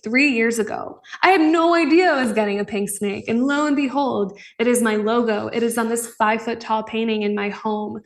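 A young woman hosting a podcast, talking in an earnest, raw and excitable way about her spiritual life, often breaking into laughs. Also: on the high side, far from the mic. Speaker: podcast host. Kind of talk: casual spiritual monologue.

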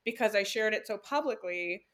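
A woman speaking softly and self-deprecatingly in a casual conversation about loss. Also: medium pitch, moderate pace.

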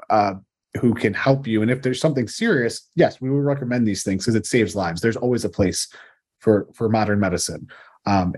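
A man's voice: fairly low pitch, a little mellow. A man, a physical therapist guest on a podcast, explaining earnestly with many ums and restarts. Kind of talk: casual interview chat.

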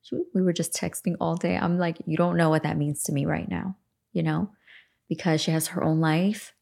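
Gravelly, husky woman podcast host. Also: sits low, flat delivery, moderate pace, mellow. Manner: candid, rambling, swears freely. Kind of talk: casual self-help podcast monologue. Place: home room facing a lake.

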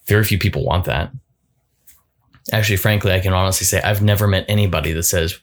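A man giving a reflective solo talk as a coach, thoughtful and halting, often repeating words as he goes. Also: sits low, fairly even intonation.

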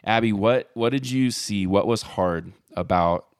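A man's voice: on the low side, measured pace, smooth, no room sound, studio quality. A man hosting a casual chat, asking follow-up questions. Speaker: host.

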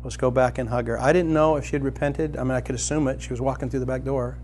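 A middle-aged man preaching a sermon as a pastor, telling a personal story and climbing to loud, excited emphasis. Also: mid-range voice, fast, a little hiss or hum.

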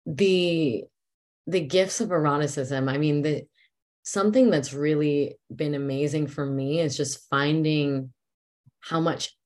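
A woman with a notably low voice speaks as a guest on a relaxed podcast. She is thoughtful and searching, circling back and repeating words as she finds what she means. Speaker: guest, intimacy coach. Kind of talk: casual conversational interview.

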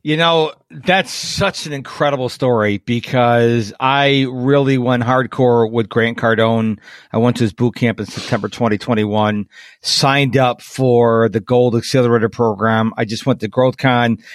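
A man's voice: mid-range voice, fairly even intonation, a little slow, no echo, clean studio sound. A man hosting a podcast, talking with enthusiastic energy about self-improvement. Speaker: podcast host. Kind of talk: conversational podcast interview.

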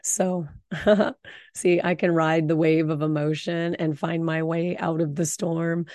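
Low gravelly-voiced woman, earnest and soothing. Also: warm tone, no echo, clean studio sound. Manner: earnest, emotional, slow and soothing. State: tearful, voice breaking with emotion. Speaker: podcast host. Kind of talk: spiritual affirmations and teaching.

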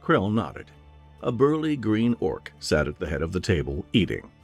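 A man narrating a fantasy audiobook in an expressive storytelling manner. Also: low voice, normal speed, husky, soft background music.

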